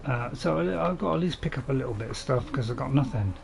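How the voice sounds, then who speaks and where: Northern english bloke rambling through a game stream, cracks jokes, bit of faint noise behind. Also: male voice, medium pitch, animated, fast talker, gravelly. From North England. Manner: chatty, rambling, laughs at his own jokes; joking, chatting with viewers. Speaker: gaming streamer. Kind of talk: casual gameplay live stream.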